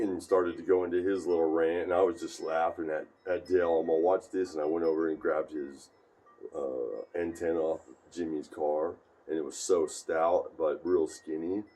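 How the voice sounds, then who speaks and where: A man telling rambling stories at home in a casual chat, jumping into higher voices when he quotes his friends. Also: fairly even intonation, moderate pace, dark tone.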